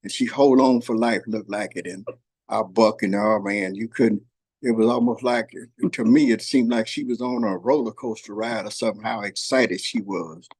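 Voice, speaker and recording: Older male host, husky and gravelly, earnest folksy storyteller. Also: fairly low pitch, lively intonation, moderate pace, darkish tone. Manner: earnest, folksy, repeats phrases, voices his granddaughter in quotes. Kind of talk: heartfelt storytelling chat. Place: workplace shop.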